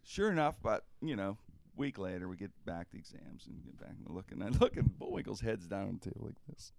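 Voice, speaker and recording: A man's voice: lowish voice, big pitch swings, brisk, vocal fry, darkish tone, a little hiss or hum. A middle-aged man hosting a podcast, telling a casual anecdote animatedly and laughing often. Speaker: podcast host. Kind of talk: casual storytelling.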